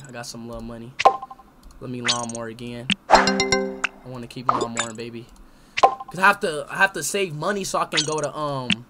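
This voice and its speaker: A young man streaming a game live, talking to himself and his chat, swinging between loud yelling and quiet muttering. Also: medium pitch. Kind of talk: live gameplay commentary. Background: loud music.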